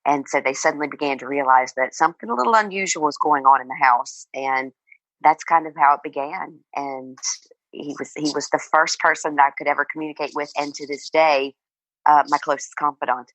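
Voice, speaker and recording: Low-voiced woman, halting and chatty. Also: fairly even intonation, a bit bright, no echo, low-quality recording. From Virginia, United States. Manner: hesitant, many fillers and restarts, laughs often. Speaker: guest author. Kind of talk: casual interview chat.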